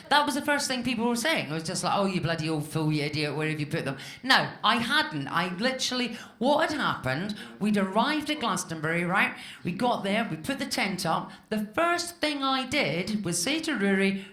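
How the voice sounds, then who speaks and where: Stand-up comic, woman in her fifties, salty and animated, live club with a roomy sound. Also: mid-range voice. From Scotland. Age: 50s. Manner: swears freely, acts out quoted voices. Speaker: stand-up comedian. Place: comedy club stage with live audience.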